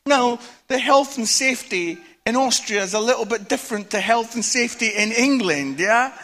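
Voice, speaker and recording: Scottish male preacher, high bright voice, chatty storyteller who checks in with "yeah?", drops soft then booms. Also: expressive, moderate pace. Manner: conversational storytelling, tag questions like "yeah?"; swings from hushed to loud. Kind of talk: sermon. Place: church hall with audience.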